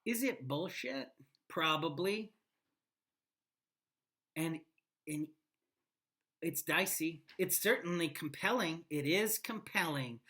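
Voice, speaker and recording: A woman teacher giving a classroom lecture on a play, talking emphatically and animatedly with quiet asides. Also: lowish voice, animated, slow pace, pauses often.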